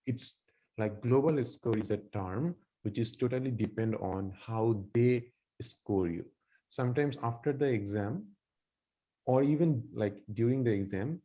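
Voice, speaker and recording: Man tutoring doctors, mellow voice. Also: medium pitch. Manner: explains with many repeats and restarts. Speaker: medical exam tutor. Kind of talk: online teaching feedback.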